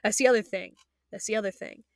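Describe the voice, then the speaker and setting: A woman's voice: medium pitch, fast, gravelly, no room sound, clean studio sound. A young woman in a casual, emotional rant as an anime fan, passionate and rambling, swearing freely and trailing off into fillers.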